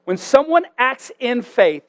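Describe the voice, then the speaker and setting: A man preaching a sermon as a church pastor, conversational and animated, with self-deprecating asides. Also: extremely high pitch, takes it slowly.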